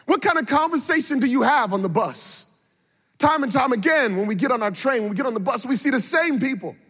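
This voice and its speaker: A middle-aged male preacher with a fairly high, slightly husky voice delivers a sermon. He swings from hushed storytelling to fervent, almost sung exhortation and hammers his key phrases by repeating them. The sound carries a long hall reverb. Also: animated, brisk.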